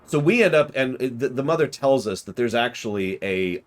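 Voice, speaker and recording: Animated male game streamer. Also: mid-range voice. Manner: animated, exasperated outbursts, retells scenes with quick mock voices. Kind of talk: casual let's-play commentary.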